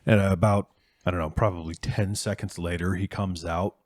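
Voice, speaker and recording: A young man running a tabletop game as game master, telling the scene in a casual, animated way. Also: low voice, brisk, no room sound, studio quality. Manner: animated, casual storytelling with fillers.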